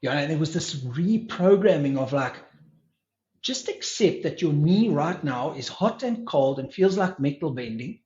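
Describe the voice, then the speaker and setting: A man telling a story as a podcast guest, lively, acting out his own inner dialogue. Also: on the high side, normal speed. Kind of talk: storytelling in conversation. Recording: roomy, slightly dull recording.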